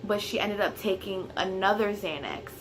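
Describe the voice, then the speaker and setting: A woman telling a personal story in a casual vlog, chatty and full of fillers, turning loud and heated at the tense parts. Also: medium pitch, moderate pace, a little hiss or hum. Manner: grows loud and heated when retelling the fight. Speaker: vlogger.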